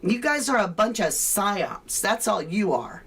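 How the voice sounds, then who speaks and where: A woman's voice: mid-range voice, sing-song, unhurried, fairly bright tone, husky. A woman hosting a livestream, reading viewer comments and ranting sarcastically. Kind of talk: casual chat.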